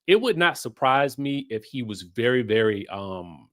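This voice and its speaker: Animated, sassy male pop culture host. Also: medium pitch, measured pace, no room sound, studio quality. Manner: animated, playful, sassy asides to viewers. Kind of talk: casual pop culture commentary.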